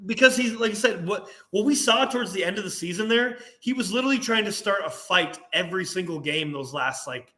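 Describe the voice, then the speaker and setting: Young man, podcast co-host, bright voice, animated ranting, casual sports chat. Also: high voice, fairly quick, few pauses. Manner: animated, ranting, laughs at himself.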